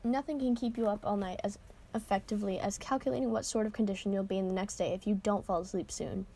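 A woman's voice: medium pitch, steady tone, fast, warm tone, slightly rough. A woman reading a novel aloud in an informal way, with casual asides, occasional cursing and restarts. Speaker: reader.

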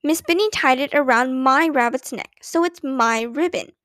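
A woman's voice: sits high, moderate pace, fairly bright tone, no echo, studio quality. A woman voicing a stubborn little girl who insists indignantly on what is hers.

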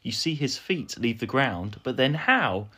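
A man's voice: mid-range voice, lively intonation, unhurried, sharp tone, breathy edge. A man co-hosting a podcast, reading listener questions and chatting in a dry, understated way. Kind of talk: casual podcast chat.

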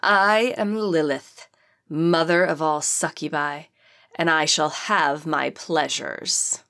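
A woman voicing an ancient, hungry female demon spirit in an audiobook, speaking slowly with menace and seduction. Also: deep voice, fairly bright tone, full character voice. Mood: menacing, gloating. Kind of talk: audiobook character reading.

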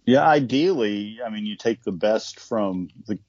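Low-voiced man in casual sports chat. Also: a little slow, dry recording, muffled recording. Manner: relaxed, conversational, with many fillers. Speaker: podcast co-host.

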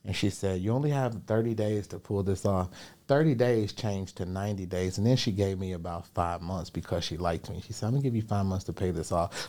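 A man, a podcast guest and business coach, telling a personal story and giving motivational advice in an animated way, acting out the voices he quotes. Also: sits low, creaky.

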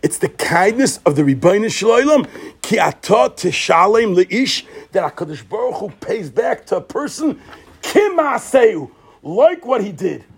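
A man teaching an animated Torah lecture, emphatic, full of rhetorical questions and repetition, swinging between soft asides and near shouts. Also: high-pitched, a little slow, breathy edge.

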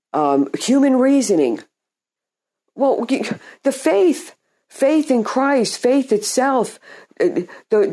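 A male preacher gives an informal sermon at an unhurried pace. His voice is mellow and warm, and he talks in a halting, conversational way. He often repeats words and starts phrases over. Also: a little high.

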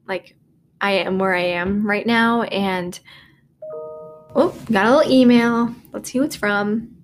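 A dorm-room podcast host in her twenties talks solo in a medium-pitched voice, over a faint hiss or hum. She's rambling and self-mocking, leaning heavily on "like" and "um."

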